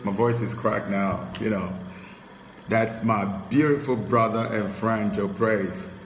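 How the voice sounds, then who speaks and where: A man from Nigeria preaching excitedly, breaking into sung hymn lines and rising loud and high as he mocks his critics. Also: slow pace, roomy sound, long reverb tail, a little hiss or hum, low-quality recording. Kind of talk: celebratory preaching to camera.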